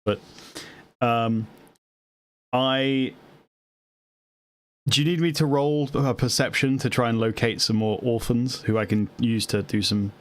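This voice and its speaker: A man's voice: medium pitch, fairly even intonation, unhurried, pauses often. A man playing a tabletop game, scheming and laughing often, in a casual chat. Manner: scheming, laughs often, restarts mid-sentence. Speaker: player.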